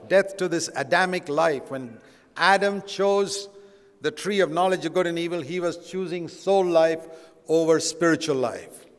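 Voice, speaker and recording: Man preaching in a reverberant hall. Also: fairly high pitch. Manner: earnest, conversational preaching with emphatic stresses. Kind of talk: sermon.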